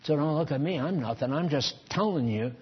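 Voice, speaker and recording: A man's voice: a little high, lively intonation, brisk, husky, dull audio. A man preaching a sermon in a church, folksy and conversational, chuckling at his own asides.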